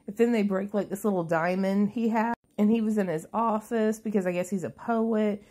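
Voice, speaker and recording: A woman's voice: mid-range voice, moderate pace, mellow. Sarcastic, profane woman recapping a movie.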